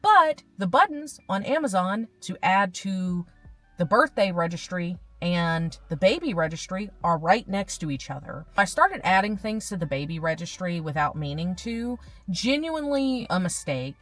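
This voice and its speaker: A woman's voice: lowish voice, lively intonation, moderate pace, soft background music. A young adult woman vlogging from a parked car, chatting casually and rambling with lots of fillers, audibly moved and emotional. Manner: rambling, gushing, with many fillers. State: emotional and touched. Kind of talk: casual chat.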